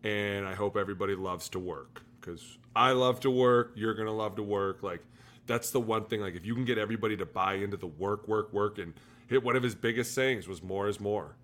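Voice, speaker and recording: A man, a former football player, telling animated locker-room stories on a casual podcast, shouting out the lines he quotes. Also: on the low side, brisk. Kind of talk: casual storytelling chat.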